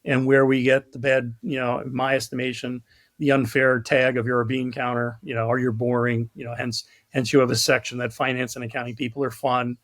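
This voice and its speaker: A New York man, a product marketing lead appearing as a guest on a casual podcast, tells stories and jokes with cynical, self-deprecating humor, acting out the voices. He speaks briskly in a medium-pitched, slightly bright voice with little pitch movement.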